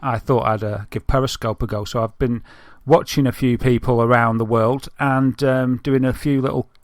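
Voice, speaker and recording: A man with a Northern English accent chats casually on a podcast, drifting through long anecdotes full of fillers and restarts. His voice sits at a medium pitch and sounds dry, with no room echo. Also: steady tone, moderate pace. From Northern England. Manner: chatty, rambling storyteller with many fillers. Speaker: podcast co-host. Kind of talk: casual chat.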